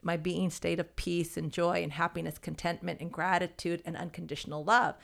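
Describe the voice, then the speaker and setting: Gravelly woman therapist acting out quotes. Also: lowish voice, little pitch movement, brisk, a bit bright. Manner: acts out quoted voices, tags sentences with "right?". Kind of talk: conversational explaining.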